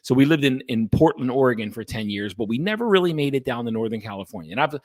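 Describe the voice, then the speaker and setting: Guy doing a podcast monologue, blunt and emphatic, swears a lot, mid-pitched voice, dry close sound. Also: lively intonation, fast, darkish tone, no echo. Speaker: podcast host and coach. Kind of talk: casual monologue to listeners.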